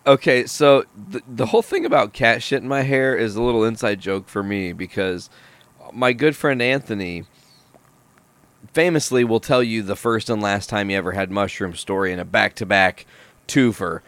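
A young adult man hosting a podcast, telling stories in a casual, profane, animated way. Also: on the low side, moderate pace, no echo. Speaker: podcast host. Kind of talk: casual podcast chat, storytelling.

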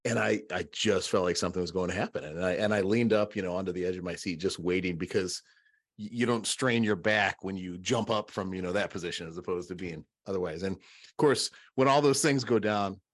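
A man's voice: deep voice, brisk. A man hosting a podcast, chatting casually about watching football, rambling and repeating words, with fillers like "right" and "you know". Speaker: podcast host. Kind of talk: casual chat.

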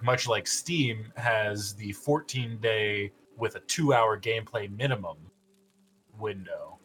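Low-voiced man explaining things calmly. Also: a little hiss or hum. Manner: explanatory, laying out details step by step. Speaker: podcast co-host. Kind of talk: casual chat.

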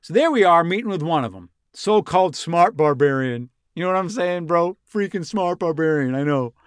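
A man's voice: on the high side, animated, normal speed, clear, resonant tone, no room sound, studio quality, natural voice. A man voicing a breathless, rambling young Roman envoy who talks like a slang-heavy, swearing bro. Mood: breathless, excited. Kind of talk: comic reenactment in a podcast.

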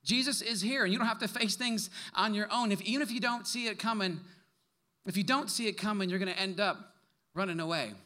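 High, bright-voiced young man preaching. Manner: animated storytelling with laughs and quick asides. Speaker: pastor. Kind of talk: sermon.

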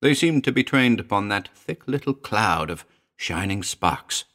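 A man narrates a first-person story as an audiobook, keeping a measured storytelling manner. His fairly low voice is a bit bright, and his intonation is lively.

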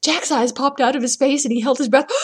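A woman hosts a podcast and tells a folktale dramatically, dropping into whispers to build suspense. Her voice sits high and steady in tone, with a brisk pace and a slightly rough edge.

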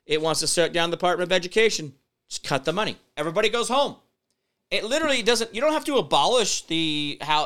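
A man's voice: on the high side, bright, forceful tone, smooth. A man hosting a casual live-stream talk show, rambling as he reads viewer comments and answers them, growing emphatic when he explains a point.

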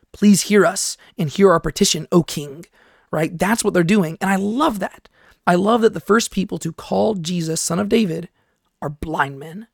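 A Bible teacher giving a study lecture, explaining passages step by step, reading scripture aloud and often checking in with a quick "right?". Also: medium pitch, gravelly, a little mellow, no room sound, clean studio sound.

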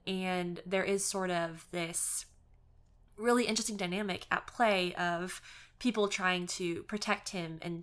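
A woman in a casual book discussion who speaks earnestly and warmly of what she read. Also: fairly low pitch. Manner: earnest, reads quotes aloud.

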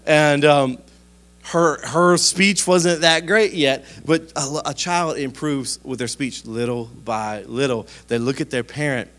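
A man's voice: fairly high pitch, takes it slowly. Folksy man preaching a sermon. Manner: conversational, folksy storytelling with animated outbursts. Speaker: pastor.

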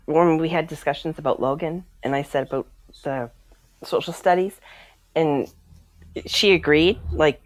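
A woman's voice: deep voice, unhurried, pauses often. A woman hosting a casual talk show, chatting and laughing often. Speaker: show host. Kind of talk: casual chat.

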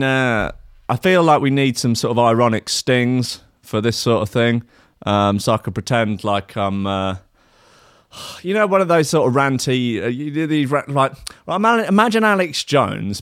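A man's voice: medium pitch, clear, resonant tone, dry recording, studio quality. A man hosting a radio show, chatting casually between tracks with sardonic, sweary, rambling asides.

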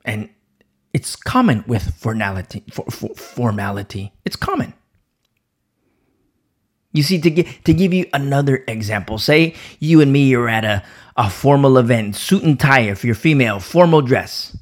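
Male Bible teacher with a sore throat, lively swooping delivery, restarts often. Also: medium pitch, normal speed. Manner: animated, repeats words and restarts often. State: sore throat, pausing to sip coffee. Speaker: preacher.

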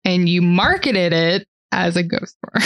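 A woman's voice: fairly low pitch, lively intonation, slow, a bit bright, no room sound. A woman hosting a podcast, talking casually and animatedly and laughing often. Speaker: podcast host. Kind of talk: casual chat.

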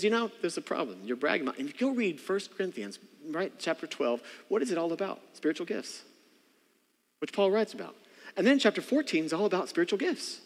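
A man delivers a sermon from the pulpit. His voice sits high and swings widely, and he keeps calling for answers from the congregation. A long reverb from the church hall trails behind his words. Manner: animated, acts out voices, calls for audience response. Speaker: pastor. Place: church sanctuary.

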